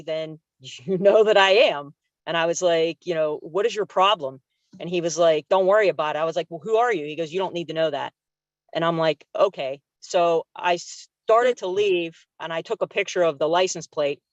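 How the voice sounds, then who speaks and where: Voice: mid-range voice, no room sound. A retired police officer in their forties, recounting an incident at a public meeting in a conversational way, acting out the dialogue. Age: 40s. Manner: conversational, acts out quoted dialogue, many fillers. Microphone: video call. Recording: dull dry video-call audio.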